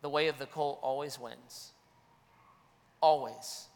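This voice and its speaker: A man's voice: mid-range voice, fairly even intonation, slow pace, darkish tone, in a large hall. A man preaching a sermon as a pastor, earnest, often restarting and repeating his phrases.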